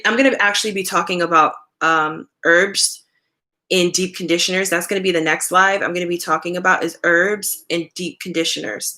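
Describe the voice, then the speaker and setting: A woman hosting a live stream about hair care, talking casually and answering viewer questions, with lots of "um" and "you know". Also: fairly low pitch. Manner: conversational, relaxed, many fillers like "um" and "you know". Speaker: natural hair care host.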